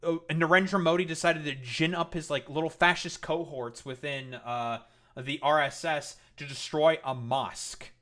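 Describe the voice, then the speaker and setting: A man's voice: a little high, steady tone, moderate pace, pushed and bright. A man streaming live and commenting in a heated, profane and sarcastic rant.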